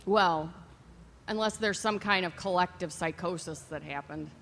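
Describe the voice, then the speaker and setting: Guy with a high voice tossing quick reactions, live stage reverb, light hiss behind. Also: a bit bright. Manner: quick reactive banter, skeptical asides. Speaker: podcast co-host. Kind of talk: live podcast chat. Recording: reverberant live stage, faint background noise.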